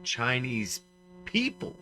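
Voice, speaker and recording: A man's voice: medium pitch, sing-song, slow, bright, forceful tone, slight background noise, rough recording. A man co-hosting a comedy podcast, giving emphatic, ranting opinions in casual banter. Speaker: podcast co-host.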